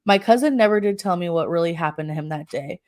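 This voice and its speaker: A woman's voice: lowish voice, fast, darkish tone. Woman reading a story with laughing asides. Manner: reads aloud with laughing asides and self-corrections. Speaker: podcast co-host reading a story. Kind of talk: casual storytelling podcast.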